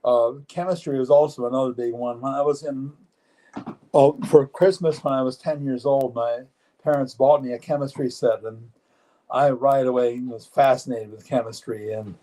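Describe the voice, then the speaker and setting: Older male interview guest, 70s, mellow dark tone, earnest and plain-spoken, halting phrasing. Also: medium pitch, fairly even intonation, rough recording. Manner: earnest, matter-of-fact, halting with frequent restarts. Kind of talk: live-streamed personal interview.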